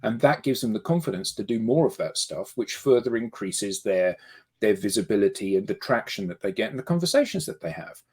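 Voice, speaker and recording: A man's voice: fairly low pitch, animated, brisk, darkish tone, breathy edge. A man on a casual panel discussion, emphatic and rhetorical, arguing his point through questions.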